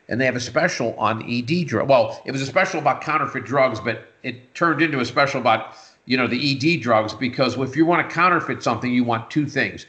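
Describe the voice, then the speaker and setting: A middle-aged man and retired businessman, telling an anecdote in casual conversation and jumping high in pitch when he quotes himself. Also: sharp tone. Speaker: interview guest, retired businessman. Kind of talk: casual storytelling.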